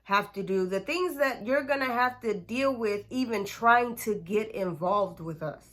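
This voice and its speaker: A woman's voice: mid-range voice, unhurried, fairly bright tone, close to an everyday voice. A woman voicing a blunt, protective young gang member who speaks curtly and firmly. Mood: warning. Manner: curt, warning, firm.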